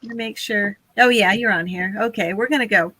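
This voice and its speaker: A woman's voice: medium pitch, fairly quick, bright, forceful tone, slight background noise, poor audio. A woman hosting a casual live stream, chatty and laughing often as she talks to her viewers.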